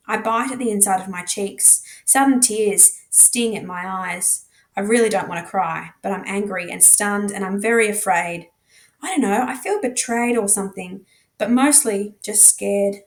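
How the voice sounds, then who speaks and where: A woman with an Australian accent, a teacher reading a novel aloud with dramatic, expressive narration. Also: medium pitch, normal speed. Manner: dramatic, shifts voice and pace for characters.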